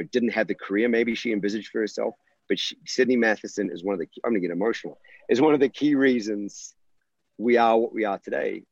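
A man's voice: low-pitched, darkish tone, dry recording, dull audio. A college volleyball coach, a man, telling stories earnestly and passionately, often restarting his sentences. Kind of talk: conversational interview storytelling.

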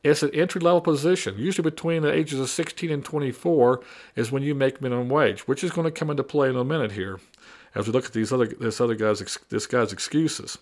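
A man's voice: mid-range voice, quick pace. A man delivering a combative opinion monologue, repeating and mocking his opponents' arguments. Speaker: political commentator.

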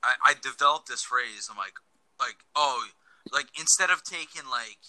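A man co-hosting a podcast, chatting casually about past dates in a rambling, halting way with casual swearing. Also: medium pitch, sharp tone, no echo, rough recording. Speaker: podcast co-host. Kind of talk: casual chat.

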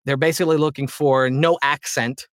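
A man talking as a guest in a casual interview about voice acting, with animated high energy. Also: moderate pace, no echo, clean studio sound. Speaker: voice actor guest.

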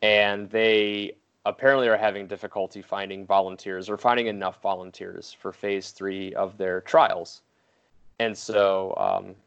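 A man's voice: sits low, gravelly, fairly bright tone, clean tone, muffled recording. A man co-hosting a podcast, explaining earnestly in casual chat, with some hesitant fillers. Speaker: podcast co-host.

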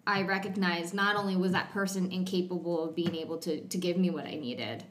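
A woman's voice: lowish voice, fairly even intonation, fairly quick, noisy background. A woman hosting an interview, thoughtful and affirming, searching for her words as she reflects. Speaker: podcast host, interviewer. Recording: roomy echo.

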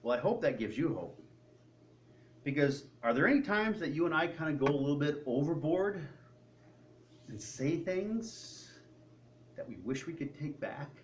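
Male pastor, lively sermon delivery, voice a touch high, heard from afar with faint room hum. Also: moderate pace, long pauses. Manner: animated, conversational preaching with acted quotes. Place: church sanctuary. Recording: distant mic with faint room noise.

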